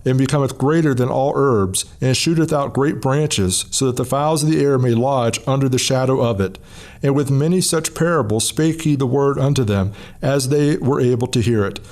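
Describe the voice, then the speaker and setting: A man hosting a programme, reading scripture aloud in a measured, solemn way in a studio. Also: medium pitch, a little mellow. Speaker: host and Bible reader.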